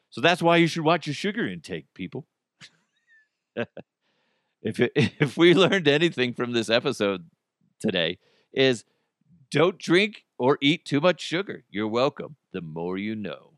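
A man's voice: medium pitch, a bit bright, no echo, clean studio sound. Rambling, jokey man host. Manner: rambling, jokey, swears freely, laughs often. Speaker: podcast host. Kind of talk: casual chat.

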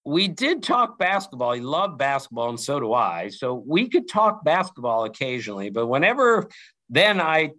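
A middle-aged man telling lively anecdotes in an interview, acting out quotes from others. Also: mid-range voice, moderate pace. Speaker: interview guest, baseball writer. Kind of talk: storytelling in an interview.

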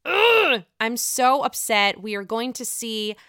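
A woman talks through her favorite reality shows in a gushing, gossipy way, cursing freely and swinging from muttered asides to excited outbursts. Her voice is bright and crisp, and it sits a little high. The sound is dry and close, with no room around it. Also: slow pace, no echo. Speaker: reality TV commentator. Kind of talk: casual chat.

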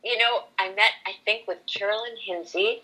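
A woman's voice: mid-range voice, fairly even intonation, moderate pace, bright, forceful tone, rough recording. A woman who works in voiceover, chatting eagerly as a podcast guest, full of "like" and "you know". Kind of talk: casual conversation.

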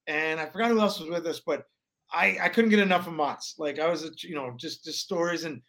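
A man in his forties, a former pro hockey player from Alaska, telling stories in a rambling, animated way with many restarts. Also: on the high side, fairly quick. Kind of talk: casual storytelling interview.

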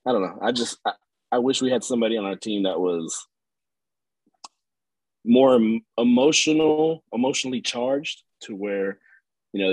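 A man with a husky voice in a casual sports podcast chat, rambling earnestly with lots of fillers. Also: mid-range voice, darkish tone, no echo, rough recording. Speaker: podcast co-host.

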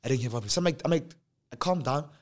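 Young South African male host, casual storyteller, lively delivery that jumps up for quoted lines. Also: mid-range voice, racing. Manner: animated, acts out dialogue in different voices. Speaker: podcast host.

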